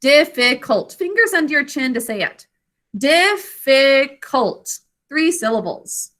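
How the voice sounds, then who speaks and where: A woman teacher leading a spelling lesson for children, slowly and carefully sounding out syllables and giving encouraging praise. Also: high voice, very animated, sharp tone. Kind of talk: online literacy lesson for children.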